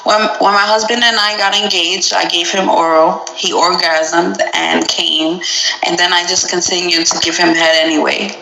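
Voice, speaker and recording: A woman's voice: on the low side, steady tone, normal speed, gravelly, sharp tone, slight background noise. A woman hosting a podcast, chatting casually and frankly while reading out listener stories. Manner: blunt, frank, laughs often. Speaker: podcast host. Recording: roomy echo.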